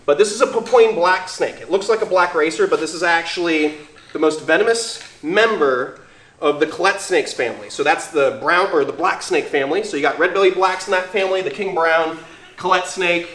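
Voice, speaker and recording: A man's voice: fairly high pitch, a little fast, fairly bright tone. A young man hosting a casual livestream as a reptile keeper, talking enthusiastically about his animals. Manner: enthusiastic, chatty. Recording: echoey room.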